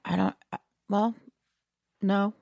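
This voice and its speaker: A woman's voice: medium pitch, level tone, takes it slowly, vocal fry, a little mellow, dry recording, studio quality. A woman from New York, a singer and guest, talking frankly and reflectively in a candid conversation. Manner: frank, reflective, calls host baby.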